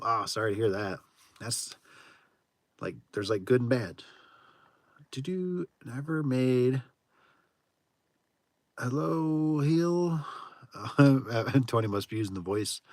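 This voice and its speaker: A man's voice: mid-range voice, fairly bright tone, no room sound. A man who runs a garage door repair business, chatting casually with viewers on a livestream, laughing often and tossing in frequent exclamations.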